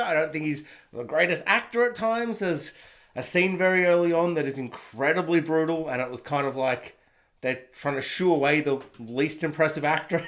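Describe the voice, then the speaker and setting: Guy, TV recap vlogger on his own camera, chatty, self-mocking, voice a touch high. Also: a bit bright. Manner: rambling, laughs often, self-deprecating. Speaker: TV review vlogger. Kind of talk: casual spoken review. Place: home room. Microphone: own camera setup.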